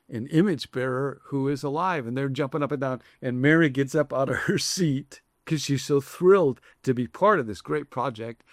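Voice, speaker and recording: A man's voice: mid-range voice, vocal fry, no echo, studio quality. A man preaching a sermon in a conversational, reflective way, shifting his emphasis often. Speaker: pastor.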